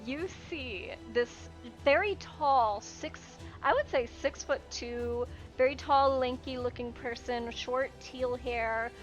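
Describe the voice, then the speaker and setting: A woman runs a tabletop game as its game master. Her voice sits high, and she narrates in a casual, descriptive way with easy laughter. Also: slow pace, faint music behind, poor audio.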